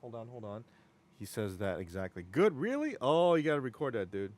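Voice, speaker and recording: A man's voice: mid-range voice, very animated, a little fast, darkish tone. A man hosting a casual live stream, rambling and enthusiastic, often repeating words. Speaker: stream host.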